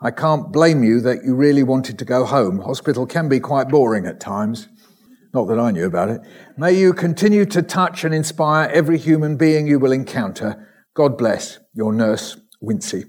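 A man's voice: mid-range voice, animated. Man reading letters aloud with wry asides. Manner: measured reading with wry asides and soft laughs. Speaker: recovered patient reading his ICU diary.

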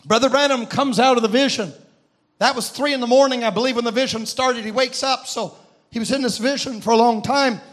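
A man with a very high, ringing voice tells a story from the pulpit, rising to impassioned shouts and lingering on certain phrases to make them land.

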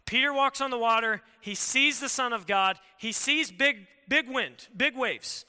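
A man preaching a sermon in a casual, animated way, often acting out quoted voices. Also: very high-pitched, a little slow, clear, resonant tone. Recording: long hall reverb.

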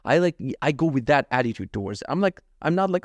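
A man's voice: a little high, sing-song, quick pace, no echo, clean studio sound. A man hosting a casual solo podcast, ranting in an exasperated, profane way and often saying "dude". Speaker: podcast host.

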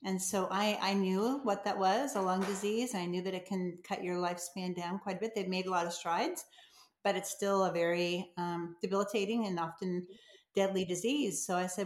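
A woman's voice: mid-range voice, fairly even intonation, moderate pace. A middle-aged woman tells a story on a podcast with earnest feeling, acting out bits of the conversations she recalls. She is a novelist guest, and her voice rings a little in a roomy space.

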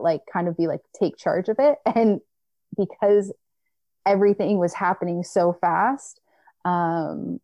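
A young woman recounts a personal story in an easy, chatty way, with lots of "like" fillers. Her voice sits a little low and sounds mellow and warm. The sound is dry and close. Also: no room sound. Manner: animated retelling, acting out quoted people, many filler likes.

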